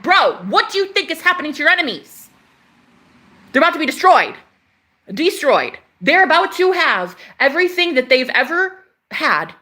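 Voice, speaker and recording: A woman giving an impassioned, profane spiritual pep talk, repeating phrases for emphasis and swinging between loud outbursts and soft murmured prayers. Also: high-pitched. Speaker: spiritual channeler.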